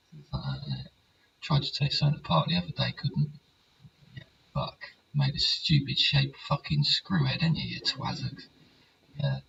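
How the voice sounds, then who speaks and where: A rambling older English man with a very deep, gravelly voice swears his way through a casual monologue and keeps asking his listeners to agree. He sits some distance from the mic. The sound is dull and carries a faint hiss. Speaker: host.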